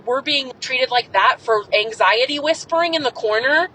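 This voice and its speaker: A woman's voice: high voice, normal speed, bright, forceful tone, a little hiss or hum, rough recording. A young adult woman hosting a podcast, delivering an angry, profane, emphatic monologue. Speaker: podcast host. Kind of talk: impassioned monologue.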